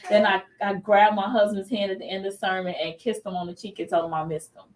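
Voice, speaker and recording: A woman's voice: medium pitch, fast talker, far from the mic, slight background noise. A woman in her thirties hosting a casual faith talk show, telling stories animatedly and acting out what people said. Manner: animated storytelling, acts out quotes. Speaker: show host.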